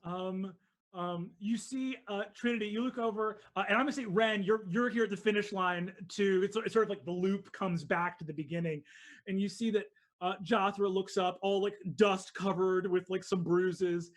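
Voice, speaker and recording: A man narrating as dungeon master, animated and excitable, with plenty of fillers and restarts. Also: high voice, moderate pace. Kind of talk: narrating a tabletop game.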